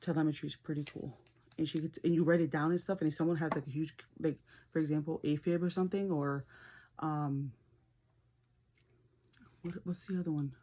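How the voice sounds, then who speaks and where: Brisk yet with frequent pauses, an adult nurse who vlogs about beauty tells a casual story during her makeup, laughing throughout. She gets animated and lets out high-pitched screams while retelling, over audio with highs cut off and a little hiss or hum.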